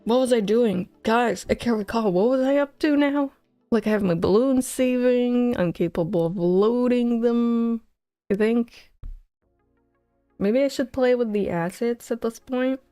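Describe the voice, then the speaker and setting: Her voice sits on the high side, a little slow and warm, with no echo and faint music in the background. Livestreaming her game coding, this game dev streamer sounds tired and chats casually in a scattered, self-mocking way, close on a headset mic.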